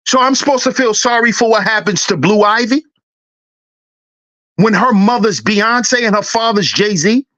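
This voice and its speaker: A man's voice: high-pitched, measured pace, pushed and bright. A man hosting a livestream, ranting in a heated, preachy and profane way, repeating his lines for emphasis. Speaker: livestream host. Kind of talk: livestream commentary rant.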